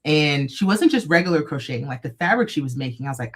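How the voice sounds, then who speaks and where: Low-pitched woman guest, animated storyteller, leans on "like" constantly. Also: fast talker. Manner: animated, gushing, heavy "like" filler. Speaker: guest crochet designer. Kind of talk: casual live-stream interview storytelling.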